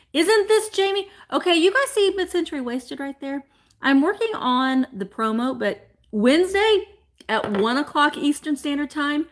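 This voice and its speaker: A woman's voice: high-pitched, fairly bright tone. A woman hosting a live vintage sale, chatting casually and gushing over each item she unwraps. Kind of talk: casual live-stream chat.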